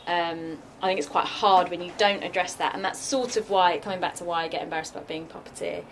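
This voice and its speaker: This woman, a visiting puppeteer, talks fast in a lowish, steady voice during an informal Q&A in a festival workshop room. The live recording is noisy, and her chatty replies lean heavily on "like" and filler words.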